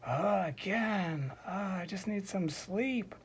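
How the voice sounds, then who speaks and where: A man's voice: a little high, animated, normal speed, a little mellow, slight background noise. A man voicing a tired, depressed troll who grumbles drowsily in a storybook tale. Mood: weary. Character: sleepy, depressed grumpy male troll.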